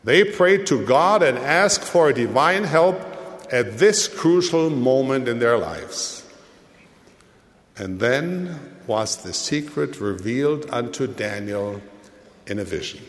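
A man preaches in a very slow, deliberate cadence, his voice pitched in the middle range for a man. He lifts his voice for emphasis and then drops it low and soft. The sound carries the long reverb of a large hall. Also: expressive. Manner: slow, measured delivery with dramatic rises and drops. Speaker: church leader. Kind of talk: sermon.

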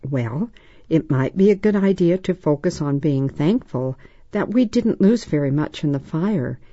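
A woman voicing a patient mother in a storybook reading, calm and reassuring. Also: low voice, unhurried, muffled recording. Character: gentle, patient mother of a little girl.

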